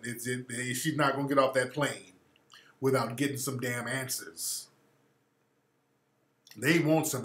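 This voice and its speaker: Male radio host, casual and profane, laughing storyteller, slightly high voice, echoey room. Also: a bit bright. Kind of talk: casual monologue. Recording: roomy echo.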